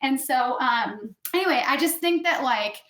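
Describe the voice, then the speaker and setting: A woman in her thirties talks as a guest on a casual podcast, candid and chatty, her voice a little higher than most. The room around her is echoey. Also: expressive, moderate pace, a bit bright. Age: 30s. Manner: candid storytelling, heavy use of "like".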